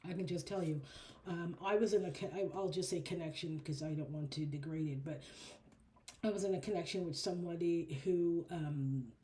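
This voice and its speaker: Lady doing a chatty card reading, lowish voice, calls you baby, bit of hum behind. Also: moderate pace. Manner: animated and chatty, addresses listeners as baby and honey. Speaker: oracle card reader. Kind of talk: casual spiritual card reading.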